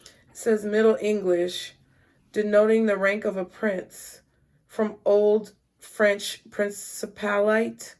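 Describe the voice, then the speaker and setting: A woman's voice: medium pitch, level tone, slow pace, a little mellow. A woman giving a casual tarot reading, chatty and blunt, with frequent swearing. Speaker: tarot reader.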